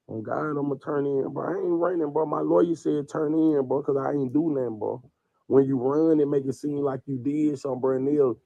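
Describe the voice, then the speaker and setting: A man's voice: mid-range voice, dark tone, dry recording, muffled recording. A man, crying and rambling in an emotional, profane livestream rant. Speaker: man under investigation speaking on a livestream.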